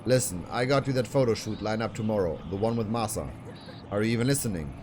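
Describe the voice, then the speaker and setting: A man reading lines for a scornful, abusive talent manager in a game, fairly low voice. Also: quick pace, noisy background, lightly acted. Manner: scornful, bullying. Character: abusive middle-aged male talent manager, bullying.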